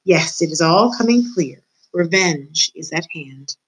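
A woman voicing a polite but vengeful male rat who speaks in a smooth, courtly way, often in a whisper. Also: low-pitched, lively intonation, a little slow, exaggerated voice, low-quality recording. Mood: scheming whisper.

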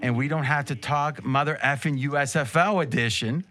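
A man's voice: medium pitch, moderate pace, pushed and bright. A man hosting a casual sports betting talk show, joking and teasing his guests with rambling asides. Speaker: host.

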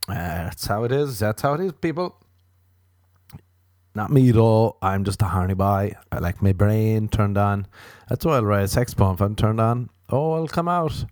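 A man's voice: on the low side, animated, normal speed, a little mellow, no room sound, clean studio sound. A man, a comedian hosting a podcast, rambling through a playful, crude, self-mocking monologue. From Ireland.

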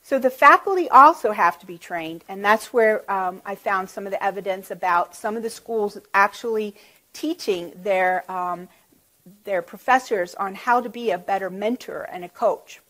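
Halting woman giving an academic presentation. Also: mid-range voice, sharp tone. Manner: halting, frequent fillers. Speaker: presenter on interprofessional education.

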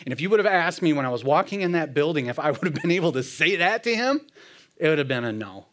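A man's voice: sing-song, fast talker, a bit bright. A man telling a personal faith story in a casual, earnest way, often laughing and dropping his voice when quoting others. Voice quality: self-described hard-headed, plain-spoken. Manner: casual and earnest, laughs often, quotes himself and his friend in a lowered murmur. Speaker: speaker sharing a personal testimony. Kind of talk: storytelling testimony.

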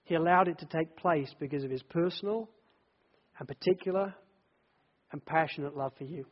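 A man preaching a sermon, telling the story dramatically, swelling from hushed lines to loud ones and repeating phrases in threes. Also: fairly high pitch, moderate pace, big-room sound, muffled recording.

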